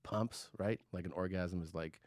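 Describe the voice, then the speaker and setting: A man casually telling crude, deadpan comic stories as a podcast host. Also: sits low, moderate pace, no room sound, clean studio sound. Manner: deadpan storytelling, crude humor. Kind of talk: casual comedic chat.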